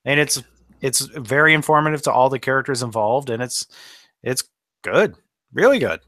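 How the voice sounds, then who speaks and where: A man's voice: mid-range voice, lively intonation, normal speed, bright, forceful tone, no echo, clean studio sound. A man co-hosting a podcast, chatting casually about an episode in an enthusiastic, nerdy way. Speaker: podcast co-host. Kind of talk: casual chat.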